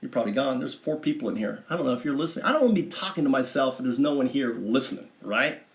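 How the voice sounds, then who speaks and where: A man telling a mythic story on a livestream, meandering and halting with many asides. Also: mid-range voice, big pitch swings. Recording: echoey room.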